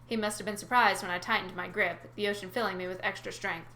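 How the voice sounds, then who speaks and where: A woman's voice: mid-range voice, fairly even intonation, fast, bright, forceful tone, a little hiss or hum. A woman reading a first-person adventure story aloud, with chatty asides to her listeners. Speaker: narrator. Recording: roomy recording.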